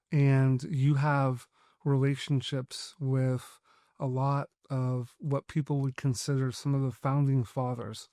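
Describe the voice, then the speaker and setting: A man's voice: medium pitch, mellow, no echo, clean studio sound. A man hosting a podcast, talking casually and loosely with lots of filler words. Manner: loose, full of fillers like "like" and "you know". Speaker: podcast host. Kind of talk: casual interview talk.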